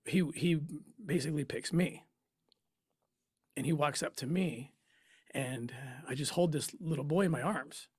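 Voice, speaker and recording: A man in an interview, telling a personal story in an emotional, halting way with pauses and restarts. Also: on the high side, slightly rough, dry recording, studio quality. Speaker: interview guest, former undercover operative.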